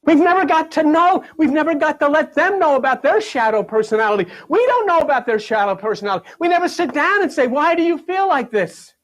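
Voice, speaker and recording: A man delivering a sermon, emphatic, swinging from loud to hushed and asking his listeners "see?". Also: extremely high pitch, expressive, quick pace, few pauses. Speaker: spiritual teacher.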